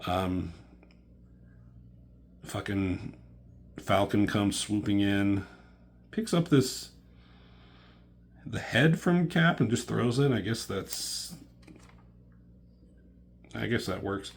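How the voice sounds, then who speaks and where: Male comic reviewer, fairly low-pitched, loose and profane, excitable play-by-play recap. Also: extremely slow, creaky, long pauses. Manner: profane, excitable, filler-heavy retelling.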